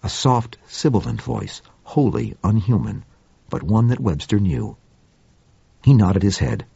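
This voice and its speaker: A man's voice: lowish voice, expressive, a little slow, gravelly, dark tone, breathy edge, no echo, lo-fi sound. A man reading a story aloud in a lyrical, descriptive style as an audiobook narrator. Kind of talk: scripted narration.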